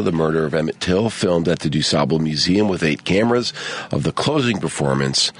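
A man's voice: deep voice, fairly bright tone, dry recording. A man co-hosting a talk radio show from a studio, chatting casually and joking around. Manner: playful, jokey, breaks into sung rhymes.

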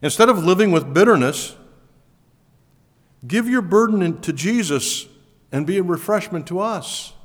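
A man preaching a sermon as pastor, pushing key words up loudly, then falling back low and quiet. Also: expressive, moderate pace, long pauses. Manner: emphatic, rising to stress key words, then dropping low. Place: church auditorium. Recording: long hall reverb.

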